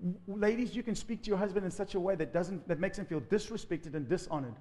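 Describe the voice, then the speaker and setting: A man preaching a sermon as pastor, lively, acting out quotes. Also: high-pitched, quick pace, in a large hall. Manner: animated preaching with acted-out quotes.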